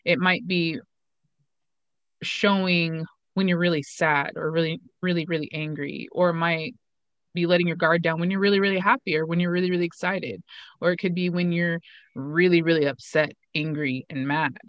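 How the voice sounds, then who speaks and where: A woman's voice: fairly low pitch, steady tone, moderate pace, no echo. A woman co-hosting a podcast, speaking in a thoughtful, articulate and wry way in casual chat. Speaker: podcast co-host. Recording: dull lo-fi mic.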